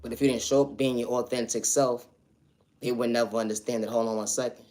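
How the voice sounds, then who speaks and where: A man delivering an earnest spiritual motivational monologue, repeating affirmations and now and then breaking into loud, high shouted refrains. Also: steady tone, quick pace. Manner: repetitive affirmations, earnest and emphatic. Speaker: spiritual vlogger.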